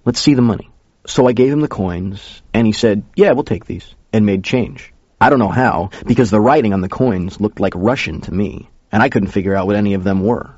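A man's voice: lowish voice, fairly quick, darkish tone, no echo. A man narrating a first-person story in a casual, conversational way. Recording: dull lo-fi recording.

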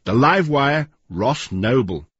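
A man narrates a radio programme in a husky voice, measured and wry, with lively swings of pitch. The studio sound is dry and slightly muffled. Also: no echo. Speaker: radio presenter. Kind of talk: scripted narration.

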